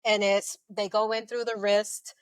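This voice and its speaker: A woman's voice: mid-range voice, unhurried, clean tone. A middle-aged woman with a mid-range voice recounts her experience as an interview guest. She tells it vividly and jumps into the voices of the people she quotes. The sound is dry and close, with no room echo. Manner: animated retelling, acting out quoted voices. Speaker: guest, police officer. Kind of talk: storytelling in an interview.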